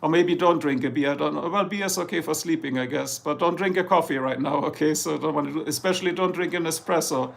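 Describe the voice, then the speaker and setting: Gravelly German man hosting a livestream. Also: fairly high pitch, quick pace, few pauses. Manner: switches between German and English, reads out viewer locations. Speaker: livestream host. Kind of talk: casual live chat with viewers.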